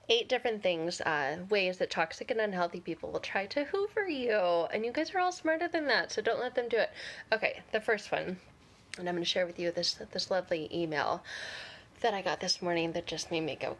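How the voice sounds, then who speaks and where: A woman's voice: fairly low pitch, expressive, fairly quick, a bit bright. A woman vlogger talking casually to camera, candid and sarcastic, often laughing.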